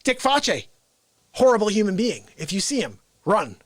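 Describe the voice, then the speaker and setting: A man hosting an unscripted daily live stream, excitable, jumping between shouted bursts and quiet asides. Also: high voice, brisk, no echo. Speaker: host of a daily live show.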